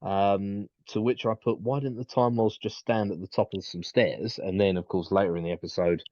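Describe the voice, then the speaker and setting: A man with a low, mellow voice chats as a co-host, tripping over repeated words and drifting into little quoted asides. The sound is dry and a bit dull, like a lo-fi recording. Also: fairly even intonation, normal speed, no room sound. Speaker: podcast co-host. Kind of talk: casual chat.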